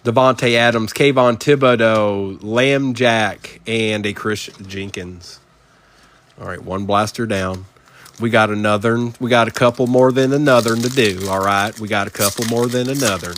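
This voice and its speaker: A man's voice: on the low side, steady tone, normal speed, fairly bright tone, a little hiss or hum. Man calling out cards on a live break. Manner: rattles off player names, chats to viewers. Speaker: card break host. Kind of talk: live card-break commentary.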